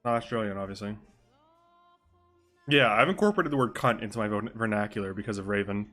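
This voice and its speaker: A man's voice: lowish voice, quick pace, pushed and bright, soft background music. A young adult man streaming live, chatting casually over a game in a loose, joking way and swearing freely. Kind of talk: casual live-stream chat during game role-play.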